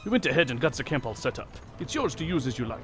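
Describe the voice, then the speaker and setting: A man's voice: mid-range voice, very animated, racing, over music, natural voice. A man reading a cheerful female camp quartermaster's lines in a mock old-time French stage accent. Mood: hammy. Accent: mock French, old-time stage style. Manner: theatrical read of on-screen dialogue.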